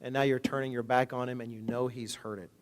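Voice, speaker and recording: A man preaching a sermon, reading scripture aloud and commenting in a conversational, joking way. He swings between loud emphatic quotations and low, hushed asides. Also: flat delivery, fast, smooth. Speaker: minister.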